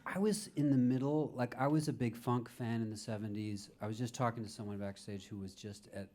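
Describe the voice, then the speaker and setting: A guest at a live podcast taping tells rambling stories stuffed with fillers to an audience on stage. His medium-pitched voice is steady and dark-toned, and he talks briskly.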